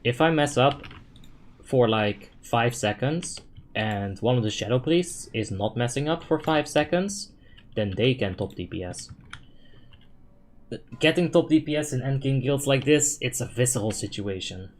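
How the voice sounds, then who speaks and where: A man's voice: medium pitch, measured pace, a little hiss or hum. Man, chatty gaming streamer. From Netherlands. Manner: relaxed, chatty, thinks out loud, swears when frustrated. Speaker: game streamer. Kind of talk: live gameplay commentary answering chat.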